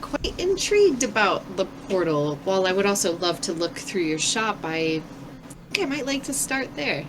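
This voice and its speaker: A woman's voice: mid-range voice, big pitch swings, normal speed, slight background noise, rough recording. A woman playing in a tabletop game, speaking in character politely and measuredly. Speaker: player. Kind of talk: in-character role-play.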